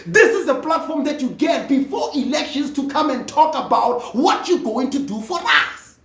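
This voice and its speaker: A speaker from Africa, delivering an impassioned political monologue that often rises to a shout. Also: high-pitched, very animated, normal speed, echoey room, far from the mic. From South Africa. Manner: fervent, often rising to a shout.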